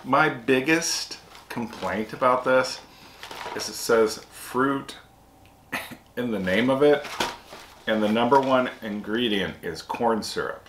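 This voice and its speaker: A man's voice: mid-range voice, slow pace, long pauses, a bit bright. A man co-hosting a casual snack review, easygoing with dry remarks. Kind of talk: casual food review chat. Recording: echoey room with faint hiss.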